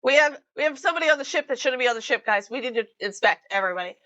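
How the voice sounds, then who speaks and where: A woman's voice: fairly high pitch, very animated, measured pace, sharp tone, muffled recording, exaggerated voice. A woman voicing a blustering male ship captain who scolds and explains to his crew in a tabletop game. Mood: alarmed. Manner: indignant, scolding.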